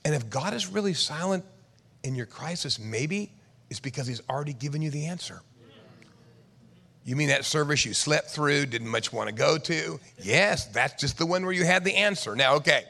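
Man preaching, bright gravelly voice, dramatic swings from loud to hushed, reverberant church hall. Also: a little high, lively intonation, moderate pace. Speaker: pastor. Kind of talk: sermon.

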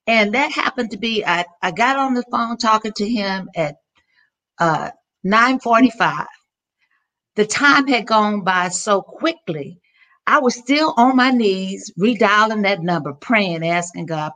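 Gravelly-voiced middle-aged woman telling a story. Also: mid-range voice, expressive, slow, a bit bright. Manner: earnest, emotional, with many restarts. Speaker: interview guest. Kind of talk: personal storytelling.

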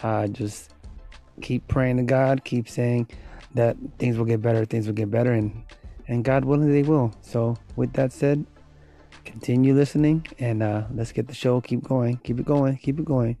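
Sleepy, mellow-voiced male host. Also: mid-range voice, steady tone, normal speed, soft background music. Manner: rambling, thinking aloud. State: sleepy, yawning. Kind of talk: casual podcast chat.

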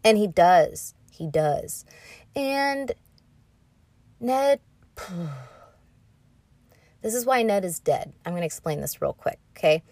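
A young woman vlogger rambles through a casual recap, sarcastic and swearing freely. Her voice sits at an ordinary middle pitch. The sound is dry and close, with no echo. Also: lively intonation, slow pace, long pauses, darkish tone.

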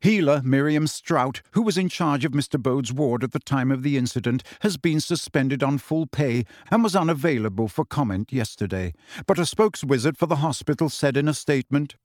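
A man narrating an audiobook with a steady, expressive reading. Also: mid-range voice, brisk, no room sound, studio quality. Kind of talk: scripted narration.

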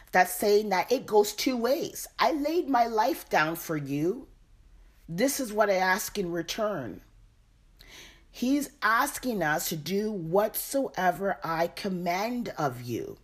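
A woman's voice: mid-range voice, expressive, slow pace, husky. A woman leading a Bible study, reading verses aloud and then repeating and explaining them. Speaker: Bible teacher.

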